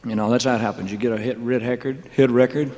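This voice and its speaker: A man's voice: medium pitch, fairly even intonation, fast talker, darkish tone, a little hiss or hum. Joking man rambling in a big hall. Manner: loose, joking, drawling asides full of "man" and "you know". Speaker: singer telling his career story on stage. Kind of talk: rambling stage monologue. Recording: long hall reverb.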